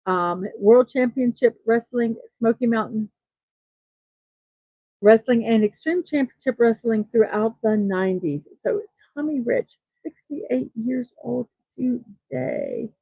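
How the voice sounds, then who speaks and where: A woman's voice: on the high side, expressive, slow pace, vocal fry, slightly rough, no room sound, dull audio. Chatty woman host reading birthdays. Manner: chatty, self-deprecating, reads lists aloud. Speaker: host of a daily morning show. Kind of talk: casual birthday roundup. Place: East Coast of the United States.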